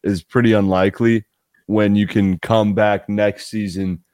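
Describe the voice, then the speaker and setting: A man co-hosting a sports podcast in relaxed, casual chat, swearing now and then. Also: fairly low pitch, unhurried, no echo, studio quality. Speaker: podcast co-host.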